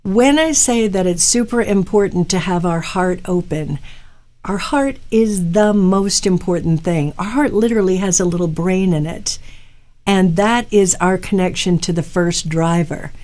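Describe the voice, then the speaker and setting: A woman hosting a live talk show as a hypnotherapist. Her voice sits on the lower side and sounds dark and mellow. She gives earnest advice and speaks straight to her listeners.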